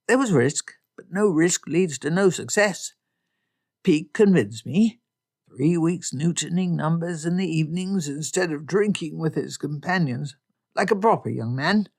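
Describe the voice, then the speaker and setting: A woman's voice: deep voice, a little mellow, slightly rough, heavily acted. A jovial middle-aged merchant with clipped speech, read by a woman narrator. He talks in short, hearty bursts, like a businessman pleased with his own tale. The voice stays close to a storyteller's own tone. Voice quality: clipped delivery.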